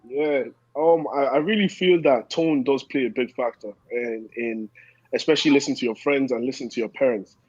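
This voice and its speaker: Young male guest, earnest and rambling, husky, muffled lo-fi recording. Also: medium pitch, moderate pace, darkish tone, no room sound. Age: young adult. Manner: earnest, rambling, acts out quotes. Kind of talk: casual chat.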